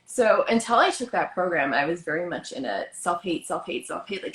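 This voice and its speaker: Upbeat and talkative, this host of a casual chat peppers her speech with "like." She has an animated, slightly bright voice on the low side and talks fairly quickly, recorded with a roomy echo.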